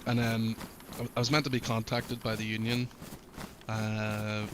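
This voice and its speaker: Irish streamer guy chatting loose and rambly, swears a lot, kinda low voice, noisy mic. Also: level tone, a little slow. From Ireland. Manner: loose and rambling, heavy fillers, swears freely. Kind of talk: casual chat on stream. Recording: noticeable background noise.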